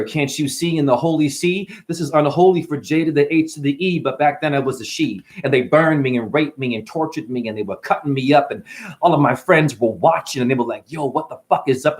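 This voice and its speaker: Man rhyming in rambling spoken-word bursts. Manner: stream-of-consciousness wordplay, swings between murmurs and sudden high bursts. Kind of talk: freestyle spoken-word rhymes.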